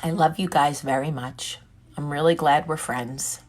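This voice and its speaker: A low, husky woman in her forties chats freely with her viewers. She is candid and joking, and reads their comments aloud and answers them on the spot. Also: fairly even intonation, a little slow. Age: 40s. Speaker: vlog host. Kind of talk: casual live chat with viewers.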